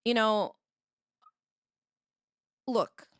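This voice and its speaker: Young woman streaming, telling a story, smooth voice, dry close mic, laughs a lot. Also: drawn-out words, dry recording. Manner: animated, laughing, acting out quotes in high squeals.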